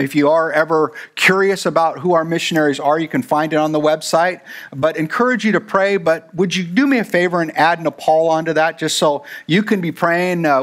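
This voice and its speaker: High-voiced pastor preaching casually. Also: male voice, fairly bright tone. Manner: conversational, rambling with fillers and asides. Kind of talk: sermon. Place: church.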